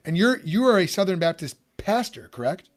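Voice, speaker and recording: A man's voice: high-pitched, sing-song, fairly quick. Chatty Chicago man hosting a podcast. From Chicago, USA. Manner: chatty, rambling with many fillers. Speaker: podcast host. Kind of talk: casual podcast interview.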